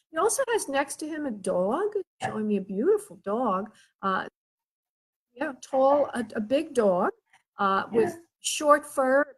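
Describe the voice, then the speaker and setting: Soft-spoken woman giving a psychic reading. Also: fairly high pitch. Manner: gentle, soothing, checks in often with the caller; hesitant, with frequent filler sounds and restarts. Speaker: spirit medium and show host. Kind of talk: live psychic reading for callers.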